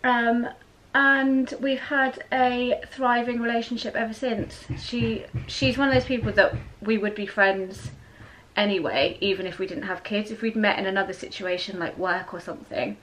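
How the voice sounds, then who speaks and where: A woman's voice: on the high side, steady tone, normal speed, fairly bright tone, slight background noise, low-quality recording. A woman with an English accent chatting casually to her camera in a rambling vlog, often correcting herself. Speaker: vlogger.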